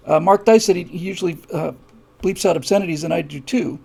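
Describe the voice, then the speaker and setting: A man hosting a live show, telling a story in a monologue. He repeats words for emphasis and builds from quiet asides to heated stretches. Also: high voice, normal speed, vocal fry, breathy edge. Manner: many fillers and restarts, repeats words for emphasis. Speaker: show host.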